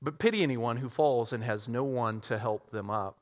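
A man preaching a sermon, telling a story and acting out its characters with lively swings in his voice. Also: moderate pace. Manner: animated, acts out characters with big pitch swings. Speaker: pastor. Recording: long hall reverb.

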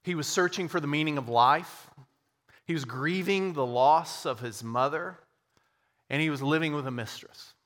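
A man telling a church history story as part of a sermon, with slow, dramatic pauses. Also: fairly high pitch, fairly bright tone, long reverb tail.

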